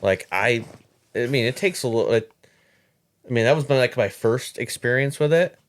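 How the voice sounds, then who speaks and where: A man in casual podcast chat, telling a story in halting bursts with frequent restarts and repeated words. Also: medium pitch.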